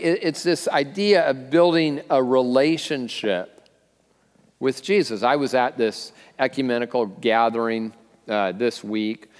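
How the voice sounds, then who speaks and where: A man's voice: medium pitch, clear, resonant tone. Man preaching in a reverberant hall. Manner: conversational preaching with frequent fillers and restarts. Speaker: lead pastor. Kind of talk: sermon.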